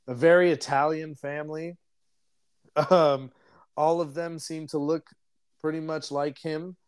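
A man's voice: on the high side, little pitch movement, measured pace, clear, resonant tone. A young man co-hosting a podcast, casually recapping a film in a rambling way and laughing often. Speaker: podcast co-host. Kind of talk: casual chat, movie review.

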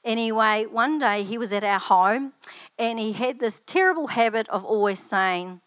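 A woman's voice: on the high side, moderate pace, a bit bright, no room sound. An older woman giving a personal testimony at church, telling stories in a chatty, anecdotal way with asides.

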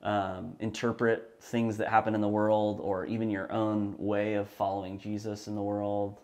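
A man hosting an interview, asking measured questions with frequent restarts. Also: fairly low pitch, level tone, a little mellow. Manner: halting, measured, restarts often. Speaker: host.

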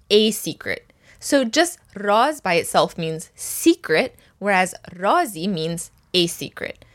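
A woman leads a language lesson in a mid-pitched voice. She is patient and methodical, and she slows down to repeat each word for her learners. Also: a bit bright. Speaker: language teacher.

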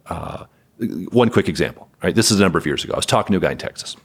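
Low voiced guy, super animated pitch, candid wry podcast guest. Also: racing, breathy edge. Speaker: property management company president, guest. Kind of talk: podcast interview conversation.

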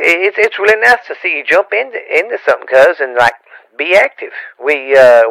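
A man's voice: on the high side, vocal fry, pushed and bright, no echo, low-quality recording. A man from Louisiana with a Cajun accent, chatting as a podcast guest in a rambling, stammering way with playful rhymes. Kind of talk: casual podcast banter.

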